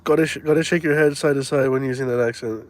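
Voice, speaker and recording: A man in his twenties chatting live with his viewers. He talks loose and crude and drops slang all the time. His voice sits at an ordinary mid pitch. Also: steady tone, quick pace, dry recording. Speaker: live streamer. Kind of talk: casual chat.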